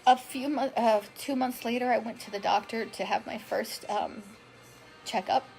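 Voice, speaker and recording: Soft music plays behind a woman in her forties as she tells her health story on a live stream, welcoming viewers by name, emotional and self-confessedly a drama queen. Her voice is on the high side, steady, a bit creaky and mellow, at a moderate pace, with poor audio.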